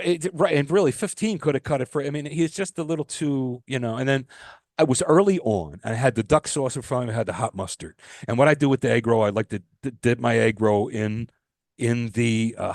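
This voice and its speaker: A man co-hosting a casual podcast, telling a rambling, animated story with restarts and swearing. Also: medium pitch, brisk, no echo, studio quality. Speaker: podcast co-host. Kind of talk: casual chat.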